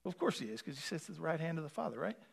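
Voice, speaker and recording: A pastor preaching a sermon, swinging from quiet asides to loud rising appeals and calling for responses from the congregation. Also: male voice, on the high side, very animated, very fast, vocal fry, husky.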